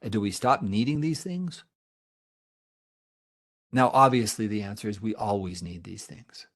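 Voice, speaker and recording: Middle-aged male therapist presenting a webinar, earnest and emphatic, lowish voice. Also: a little slow, fairly bright tone. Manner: answers audience questions.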